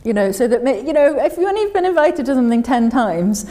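A woman's voice: sits high, very animated, fast, dark tone, big-room sound. A woman giving an informal, chatty sermon and reading scripture aloud, with many fillers and restarts. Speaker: church speaker.

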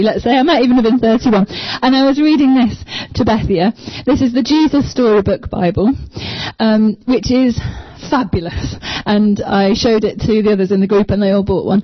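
A woman's voice: on the high side, dry recording. A woman, sharing a personal faith story in a small group, hesitant with many ums but enthusiastic. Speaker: church small group member. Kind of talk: casual personal testimony. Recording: dull lo-fi sound, dry.

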